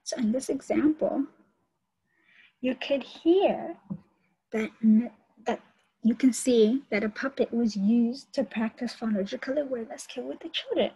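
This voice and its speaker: Instructor, woman, breathy, higher voice, patient step-by-step explainer. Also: unhurried, mellow, poor audio. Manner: explains step by step, repeats key points. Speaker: college instructor. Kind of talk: online lecture on teaching.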